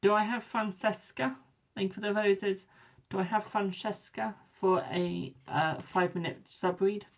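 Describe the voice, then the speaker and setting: A woman's voice: medium pitch, steady tone, normal speed. A British woman hosting a live tarot stream in casual chat, calling viewers darling, a bit tired and yawning. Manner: chatty, calls viewers darling and boo.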